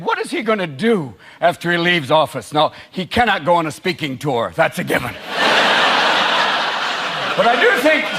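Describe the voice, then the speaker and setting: A stand-up comedian with an American accent, in a manic style that bursts into shouted voices, on a large theatre stage. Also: male voice, high-pitched, heavy background noise. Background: loud laughing audience.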